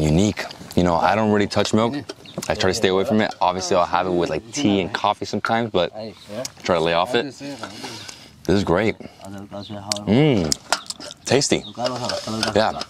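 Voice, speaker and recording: A man making a casual, excited travel vlog outdoors at a camel farm, gasping and exclaiming as he films. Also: low voice. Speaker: travel vlogger.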